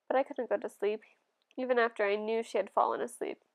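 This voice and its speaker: Gravelly woman reading a novel aloud. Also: on the high side, fairly quick. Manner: gentle, steady storytelling. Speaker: audiobook reader. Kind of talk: first-person novel reading.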